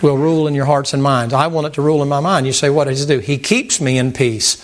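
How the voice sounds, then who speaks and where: A man preaching a sermon to a congregation in a folksy, animated way, repeating words and mimicking sounds. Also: mid-range voice, fast talker. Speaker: pastor. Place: church sanctuary with congregation.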